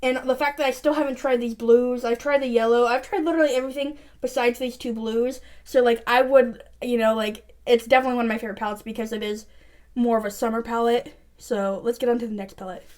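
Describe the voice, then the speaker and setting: A woman's voice: a little high, fairly even intonation, fast talker, darkish tone. A young woman vlogger chatting casually through a makeup review, rambling with lots of fillers. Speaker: beauty vlogger.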